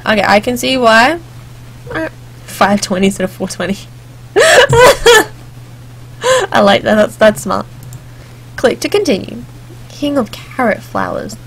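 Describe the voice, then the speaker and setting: A woman's voice: a little high, fairly bright tone. A woman playing a story game, reading its text aloud and breaking off for chatty, joking asides. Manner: chatty, jokey asides, sings snatches. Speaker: let's play gamer.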